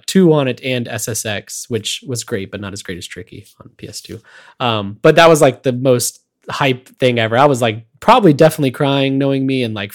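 A young man co-hosting a podcast, telling a story in a calm, rambling way with lots of fillers. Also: medium pitch. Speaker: podcast co-host. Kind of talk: casual podcast chat.

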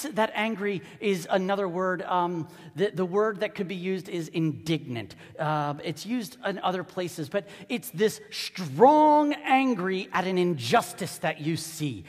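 Guy preaching in a church, high lively voice that jumps all over, big echoey hall. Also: normal speed, few pauses. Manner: animated preaching that swings between hushed and shouted. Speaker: pastor. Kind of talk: sermon. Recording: long reverb of a large hall.

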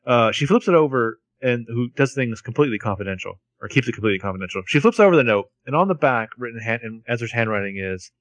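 A man's voice: mid-range voice, expressive, quick pace, hardly any pauses, fairly bright tone, no room sound. A man co-hosting a podcast, retelling a TV episode with wry, sarcastic asides. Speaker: podcast co-host. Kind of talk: casual TV recap chat.

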